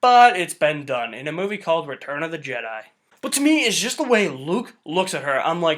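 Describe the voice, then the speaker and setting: A young man giving a casual, excited film review, chatty and swearing loosely. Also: on the high side, normal speed. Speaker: movie reviewer.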